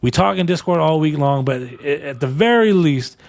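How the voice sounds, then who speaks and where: A man's voice: a little high, moderate pace, gravelly, no room sound. A tired man co-hosting a podcast, telling stories casually and with emphatic, motivational repetition. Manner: animated, acts out dialogue in stories. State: tired after back-to-back recording. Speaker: podcast co-host. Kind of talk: casual storytelling.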